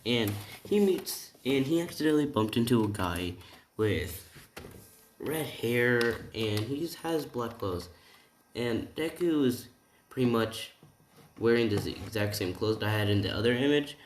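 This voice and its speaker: A man casually retelling a fan story in a rambling, halting way with many restarts. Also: medium pitch, animated. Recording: roomy room, distant mic, faint hiss.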